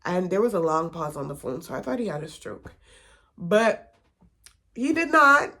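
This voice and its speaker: A woman's voice: on the low side, sing-song, normal speed, sharp tone. A young woman telling her own story in a candid, confiding vlog testimony. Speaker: vlogger.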